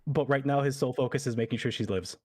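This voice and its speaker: A man's voice: mid-range voice, quick pace. A man playing his character in a tabletop role-playing game. He talks hesitantly, with many fillers and restarts. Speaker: player.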